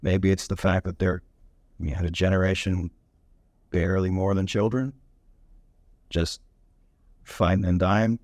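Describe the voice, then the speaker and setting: Low-voiced man panelist, earnest and reflective, dry close sound. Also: little pitch movement, a little mellow, no room sound. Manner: earnest, thoughtful, halting. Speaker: panelist actor.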